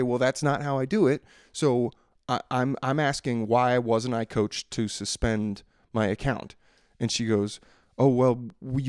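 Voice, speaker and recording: Guy with a lowish voice ranting about a bill, acts out the other people's voices, dead dry sound. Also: darkish tone, dry recording. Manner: rambling, exasperated, acts out quoted voices. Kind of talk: casual storytelling monologue.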